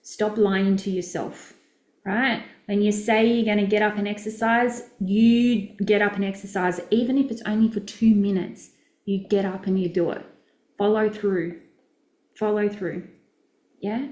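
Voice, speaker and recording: A woman's voice: mid-range voice, fairly even intonation, moderate pace, a little mellow, reverberant. A middle-aged Australian woman coaching in a chatty, direct, upbeat way during a casual live stream. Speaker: business coach.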